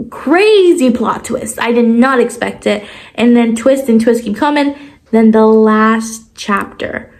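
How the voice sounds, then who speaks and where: A young woman chatting casually through a book review vlog, expressive and full of filler words. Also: a little high. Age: young adult. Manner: chatty, expressive, lots of "like" fillers, animated emphasis. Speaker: book vlogger.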